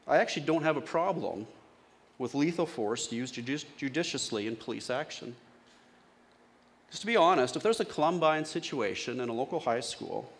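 A man's voice: medium pitch, slight background noise. Male pastor with a mid-range voice, chatty sermon style, keeps questioning his listeners. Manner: conversational, asks the congregation questions.

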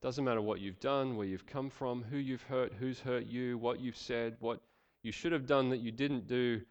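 An Australian man preaching a sermon, swinging from loud, emphatic passages to quiet, intense ones. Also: medium pitch, fairly even intonation, moderate pace, lo-fi sound. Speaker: pastor.

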